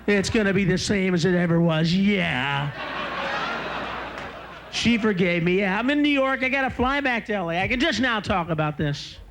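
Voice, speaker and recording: A man's voice: high-pitched, lively intonation, moderate pace, background noise. A man performing an explosive stand-up comedy routine, bursting into screams.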